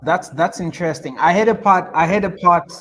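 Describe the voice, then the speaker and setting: A man's voice: sits high, brisk, fairly bright tone, faint music behind. A man interviewing a guest, asking his questions hesitantly and repeating words.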